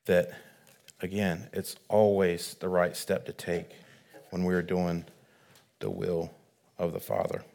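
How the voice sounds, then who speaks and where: A man preaching a sermon, measured and earnest, swelling louder on key phrases. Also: sits low, gravelly.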